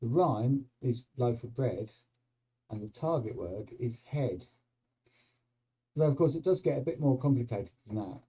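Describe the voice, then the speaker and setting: A man's voice: mid-range voice, animated, measured pace, long pauses, mellow, husky, rough recording. A man hosts his own video channel, explaining slang in a wry, conversational way and checking in with the viewer. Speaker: YouTube host explaining slang.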